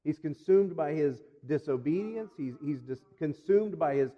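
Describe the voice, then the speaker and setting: A man's voice: a little high, animated. Preaching man in a reverberant hall. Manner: earnest preaching with repetition and slow emphatic phrases. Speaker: pastor. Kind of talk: sermon. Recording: dull sound with long reverb.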